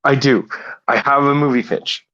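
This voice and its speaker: A man's voice: medium pitch, fairly even intonation, normal speed, a bit bright, highs cut off. A man co-hosting a casual podcast, telling a rambling, playful made-up story. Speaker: podcast co-host. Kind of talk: casual chat, improvised movie pitch.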